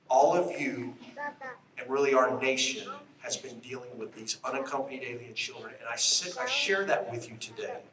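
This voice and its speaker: A middle-aged man gives an emphatic storytelling speech at an outdoor rally. His voice is forceful and bright, and he often turns to address the crowd directly. He stands back from the microphone, so the sound comes across echoey and distant. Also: mid-range voice, slight background noise. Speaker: rally speaker, retired state police officer.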